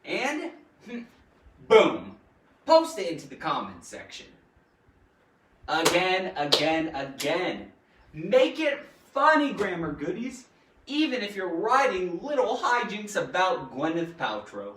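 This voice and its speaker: A woman's voice: mid-range voice, very animated, a little slow, recorded from a distance, a little hiss or hum. A woman hosting a playful live grammar lesson, giggly and jokey, talking straight to her viewers. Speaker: grammar teacher and show host. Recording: echoey room, voice off-mic.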